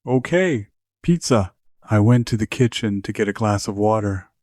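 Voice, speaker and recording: A man with a low voice narrating a scripted horror story in a measured, even way. The recording is dry and close, with no room sound. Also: dry recording.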